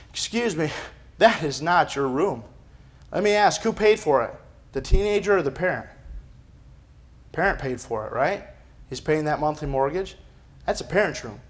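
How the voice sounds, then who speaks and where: High-voiced pastor preaching emphatically. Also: male voice, animated, normal speed, pauses often. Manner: emphatic, asks rhetorical questions. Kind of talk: sermon. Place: church.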